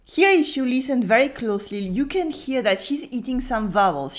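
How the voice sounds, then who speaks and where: A French woman from France explaining spoken French in a scripted lesson, slowing down to model pronunciations. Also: on the high side. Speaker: French teacher.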